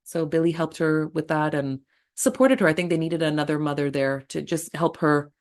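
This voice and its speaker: A middle-aged woman, a birth attendant, telling stories in a blunt, animated interview style and swearing freely. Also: low-pitched, normal speed. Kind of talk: candid storytelling interview.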